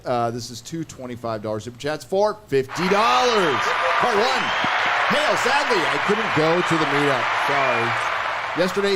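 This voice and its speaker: A man's voice: fairly high pitch, very noisy. A man hosting a casual livestream panel, reading out super chats aloud and laughing often. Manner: animated, reads donations aloud and laughs often.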